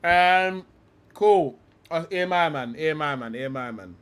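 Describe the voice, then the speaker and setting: Animated, profane young man. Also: on the high side, slow, clear, resonant tone. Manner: animated and profane, heavy slang. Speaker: livestream host. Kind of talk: profane livestream rant.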